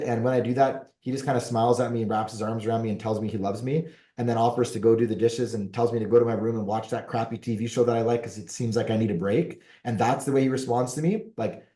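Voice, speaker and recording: Warm-voiced man giving earnest relationship advice. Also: medium pitch, echoey room. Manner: earnest, explanatory, often ends points with "right?". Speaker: podcast guest, relationship coach. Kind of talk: conversational advice monologue.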